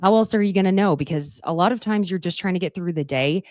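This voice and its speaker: A woman's voice: fairly low pitch, quick pace, a little mellow, no room sound, studio quality. A young woman hosting a podcast, recapping a reality show in a chatty, opinionated way and quoting cast members. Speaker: podcast host. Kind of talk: casual recap commentary.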